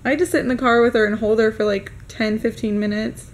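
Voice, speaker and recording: A young woman narrating a casual family vlog to camera, chatty and candid with quick run-on asides. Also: a little high, fairly even intonation, slight background noise. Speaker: family vlogger.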